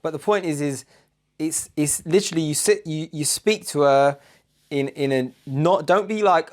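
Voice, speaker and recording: Brief: male co-host, lively jokey delivery, voice sitting a touch high. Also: normal speed. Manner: animated, jokey, acts out quoted voices, laughs often. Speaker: co-host, relationship coach. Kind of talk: casual podcast chat.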